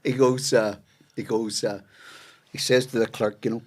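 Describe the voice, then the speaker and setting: A man's voice: medium pitch, flat delivery, moderate pace. A middle-aged man, a podcast guest telling rambling, profane anecdotes. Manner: swears freely, rambling anecdotes with fillers. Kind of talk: casual storytelling.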